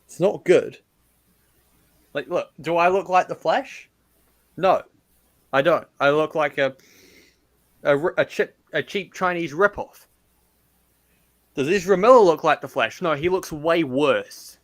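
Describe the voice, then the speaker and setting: A man's voice: fairly high pitch, unhurried, long pauses. A young man from New Zealand, co-hosting a casual chat over a video call, blunt and joking with a New Zealand accent. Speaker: co-host.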